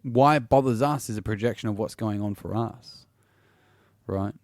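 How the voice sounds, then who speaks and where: A man's voice: on the low side, moderate pace, a little mellow, dry recording, clean studio sound. A man hosting a solo podcast and working as a coach, talking casually and bluntly, swearing freely and restarting his sentences often.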